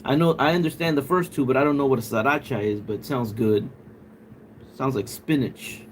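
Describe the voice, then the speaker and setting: A livestream host chats casually with viewers and reads their comments, joking around, laughing often and mimicking a British accent. His mid-range voice, with a bald quality, moves a little fast. A little hiss or hum runs under it.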